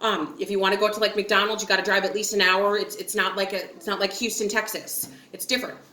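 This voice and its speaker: A woman's voice: mid-range voice, flat delivery, quick pace, sharp tone, reverberant. A woman from upstate New York telling a story to her viewers in a chatty, giggly way, acting out quotes and filling with likes and ums. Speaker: vlogger. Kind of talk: casual storytelling to camera.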